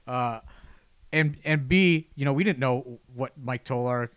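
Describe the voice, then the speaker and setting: A man's voice: mid-range voice, a little slow, fairly bright tone, smooth, no room sound. A man hosting a casual podcast chat, telling a long, rambling anecdote with lots of "you know" and false starts. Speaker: podcast host telling a story.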